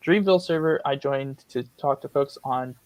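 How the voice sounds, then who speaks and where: A man's voice: mid-range voice, moderate pace, no room sound, poor audio. A man hosting a casual live-stream Q&A, joking and often stumbling and repeating words as he talks. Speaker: host of lucid dreaming Q&A stream.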